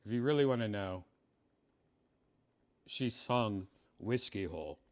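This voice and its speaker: Deadpan low-voiced man streaming. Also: unhurried. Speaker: streamer host. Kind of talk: casual streaming chat.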